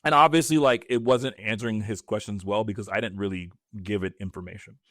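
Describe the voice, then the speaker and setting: A man's voice: fairly low pitch, a little fast, no echo, clean studio sound. A man co-hosting a podcast who jokes and swears in casual chat. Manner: animated, joking, swears. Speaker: podcast co-host.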